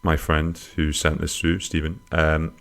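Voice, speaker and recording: Low-voiced bloke, comic podcast host, rambling and crude, jumps into squeaky bits for jokes. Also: male voice, monotone, measured pace, creaky, fairly bright tone. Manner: rambling, crude, self-mocking humor with sudden high-pitched jokey swings. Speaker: podcast host answering listener questions. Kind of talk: casual comic podcast monologue.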